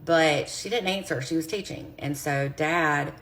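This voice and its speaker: A woman's voice: sits low, measured pace, fairly bright tone. A woman telling a personal story straight to her viewers in an earnest, direct way, recorded on a phone. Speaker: true crime creator.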